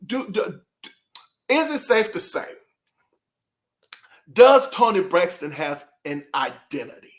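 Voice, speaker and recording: A man's voice: high-pitched, big pitch swings, slow, long pauses. A man hosting his own channel, talking casually and rambling to his viewers, throwing out rhetorical questions. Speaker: channel host.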